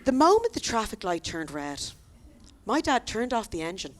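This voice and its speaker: A woman's voice: medium pitch, moderate pace, background noise. An Irish woman in her thirties performing a stand-up comedy set, telling stories and acting out the voices of the people in them. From Ireland. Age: 30s. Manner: animated storytelling, acts out quoted voices. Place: comedy venue stage.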